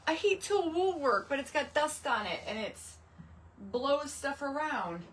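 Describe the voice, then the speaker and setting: A woman's voice: sits high, animated, unhurried. A woman hosting a casual crafting livestream, exasperated and talking to herself and her chat as she works.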